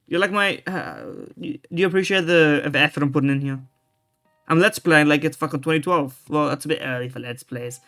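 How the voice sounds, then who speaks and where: A man's voice: fairly high pitch, a little fast, a bit bright. A man playing a detective game and reading its text aloud, breaking off into rambling, joking asides. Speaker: video game streamer. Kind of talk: let's play commentary.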